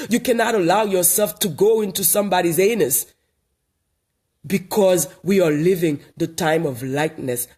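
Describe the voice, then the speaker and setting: A man from Haiti holds forth in a backyard monologue. His voice sits high, and he hammers points home through repetition, like a street preacher. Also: darkish tone. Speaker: online commentator. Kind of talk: outdoor monologue. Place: backyard outdoors.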